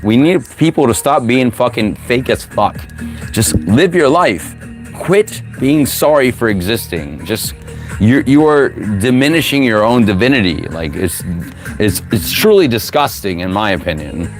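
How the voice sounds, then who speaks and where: A man giving a live tarot reading to viewers, profane and preachy, with sudden loud whoops. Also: mid-range voice, sing-song, unhurried, soft background music. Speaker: tarot reader, live streamer.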